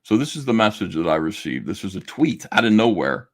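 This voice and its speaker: A man's voice: fairly low pitch, very animated, a little fast. A middle-aged man, a comic artist and YouTuber, talking to camera in a casual monologue, blunt and indignant, swearing and stumbling over restarts.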